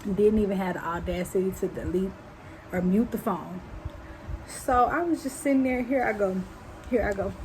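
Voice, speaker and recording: A young woman, telling a casual storytime and acting out what people said in high voices. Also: normal speed, slight background noise, low-quality recording. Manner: animated, acts out quotes in high voices. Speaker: vlogger.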